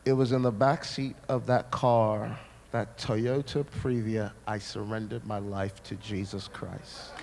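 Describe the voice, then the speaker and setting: A man preaching a sermon, telling a personal story with dramatic, animated delivery. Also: fairly low pitch, unhurried, creaky, background noise.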